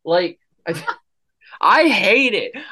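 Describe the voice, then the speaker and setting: A man's voice: sits high, sing-song, extremely slow, bright, forceful tone, breathy edge. A man co-hosting a casual podcast, joking and teasing in playful banter with his girlfriend. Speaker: podcast co-host. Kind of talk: casual couple chat.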